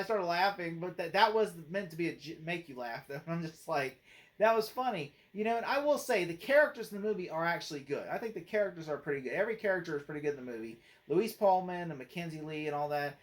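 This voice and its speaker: A man talks through a film in a casual spoken review for his own channel. He rambles from point to point, leaning on "like" and "you know". He breaks into laughter easily as he goes. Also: fairly high pitch. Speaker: movie critic and channel host.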